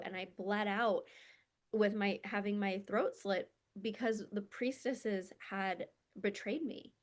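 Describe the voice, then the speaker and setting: A woman coach talking in a casual, reflective monologue. She sounds earnest and confessional and uses many filler words. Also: mid-range voice. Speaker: spiritual self-development coach.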